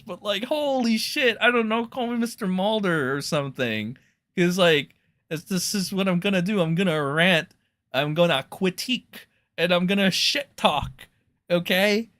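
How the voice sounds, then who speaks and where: A young man streaming, ranting angrily and profanely, mocking others in sarcastic high voices. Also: sharp tone, dry recording. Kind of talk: angry rant reacting to clips.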